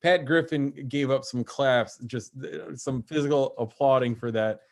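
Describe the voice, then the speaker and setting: A man's voice: medium pitch, moderate pace. A man hosting a comedy show over a video call, with chatty introductions that stumble over his words. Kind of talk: casual hosting banter.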